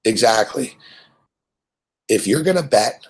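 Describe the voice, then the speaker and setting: A man's voice: mid-range voice, animated, slow pace, slightly rough. A man hosting a sports betting show, ranting in a blunt, profane, rambling way about gambling on credit.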